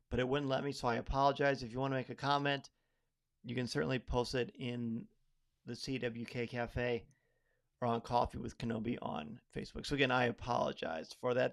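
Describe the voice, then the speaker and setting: Man, podcast host, gravelly voice, mid-pitched, upbeat, casual live chat. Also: fairly bright tone. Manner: upbeat, greets viewers by name.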